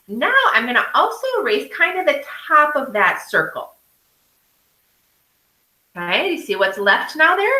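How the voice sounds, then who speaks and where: A woman's voice: a little high, sharp tone, reverberant, poor audio. A woman art teacher guiding children through a drawing step by step, often checking in with "okay?".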